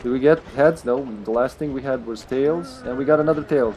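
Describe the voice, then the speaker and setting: A man live-streaming a video game, chatting casually, laughing often and greeting viewers loudly by name. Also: medium pitch, a little fast, few pauses, soft background music.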